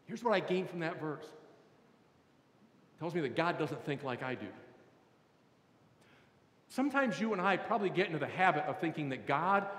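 A man pastor delivering a relaxed, talky sermon, his voice sitting slightly high. It carries through a large church hall with a long, roomy echo. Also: normal speed, pauses often. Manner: conversational, leads congregation in call-and-response.

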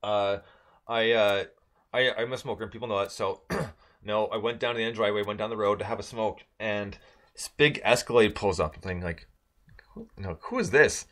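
A man's voice: on the low side, fairly even intonation, fairly quick, a bit bright. A man from Michigan telling a casual story on a podcast, rambling with many fillers and restarts.

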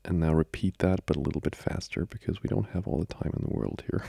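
A man's voice: sits low, fast talker, vocal fry, husky, no room sound, exaggerated voice. A man playing a whispering needy boyfriend. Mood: playful, coaxing. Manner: soft intimate whispering with giggles. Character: needy playful young boyfriend, clingy and teasing. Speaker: ASMR role-play creator. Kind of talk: whispered role-play.

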